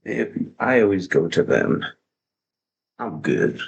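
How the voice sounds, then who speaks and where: A man hosting a livestream, talking in a casual, excitable, rambling way with plenty of swearing, into a desk mic at his home setup. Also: deep voice, slow pace, vocal fry, highs cut off. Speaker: livestream host. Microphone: desk microphone.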